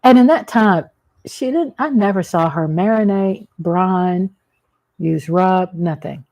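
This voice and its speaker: Seated at her table at home, a middle-aged woman who vlogs about food eats and talks casually about family cooking for a mukbang. She speaks slowly in a lowish, slightly mellow voice, rambling cozily and often restarting.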